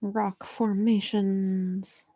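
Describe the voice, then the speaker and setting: A woman's voice: mid-range voice, little pitch movement, drawn-out words, mellow, dry recording. A woman artist chatting casually to viewers on a live stream while she draws, greeting them by name. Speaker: comic artist streaming a drawing session.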